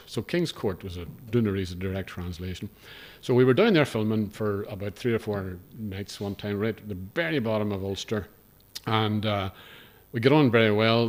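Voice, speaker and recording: An older Northern Irish man tells a story to a hotel audience in a low, unhurried voice. He wanders off into asides and poked fun at himself along the way. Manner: rambling, self-deprecating, lots of asides. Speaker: guest speaker, broadcaster. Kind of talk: humorous anecdotal talk to a live audience. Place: hotel function room with an audience.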